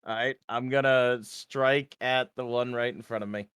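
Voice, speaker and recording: A man playing in a tabletop game, chatting casually, swearing freely and thinking out loud. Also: mid-range voice, fairly even intonation, normal speed, smooth, dry recording, clean studio sound. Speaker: player.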